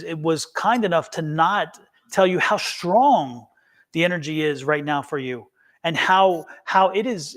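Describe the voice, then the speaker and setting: A high-pitched man reads tarot on a live stream, speaking earnestly and reassuringly. He often stops mid-phrase, repeats himself and starts over. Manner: halting, many restarts and repeated words. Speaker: tarot reader. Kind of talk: live-streamed psychic reading.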